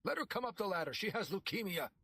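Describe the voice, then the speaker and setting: A man voicing a flustered male church lay assistant, pleading loudly over a crowd in a storybook reading. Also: high-pitched, very animated, fast talker, husky, dry recording, pitched above the performer's own voice, heavily acted. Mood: begging.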